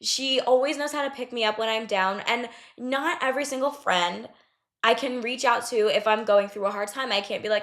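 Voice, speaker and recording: A woman's voice: a little high, normal speed, fairly bright tone. A young adult woman hosting a podcast, giving casual, blunt advice on friendship and swearing freely as she talks. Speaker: podcast host.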